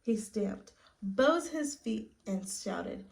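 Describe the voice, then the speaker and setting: A woman reading a picture book aloud to children at story time, gently asking them questions along the way. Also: a little high, measured pace, low-quality recording. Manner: gentle, asks listeners questions.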